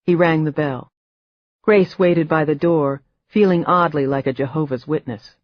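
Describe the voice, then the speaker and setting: A wry, measured audiobook narrator reading a mystery thriller at a middle pitch. The booth sound is dry with no room at all. The top end is a little dull. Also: fairly even intonation, no room sound. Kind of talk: scripted narration.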